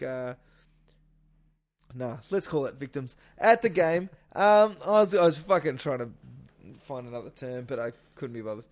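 An excitable man co-hosting a casual sports podcast. He swears freely and often bursts into louder, shouted lines. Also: fairly high pitch. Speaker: podcast co-host.

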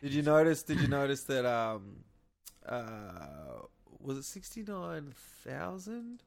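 A young man talks sport with his co-host, swearing often. His voice swings widely up and down as he gets going, from a middling pitch. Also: big pitch swings, slow, gravelly. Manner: swearing, enthusiastic banter. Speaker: podcast co-host. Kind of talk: casual sports chat.

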